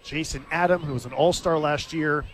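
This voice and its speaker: A man calling live baseball play-by-play in a steady, conversational way, lifting his voice briefly when the action comes. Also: fairly high pitch, moderate pace, slight background noise. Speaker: play-by-play announcer. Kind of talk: live baseball radio commentary.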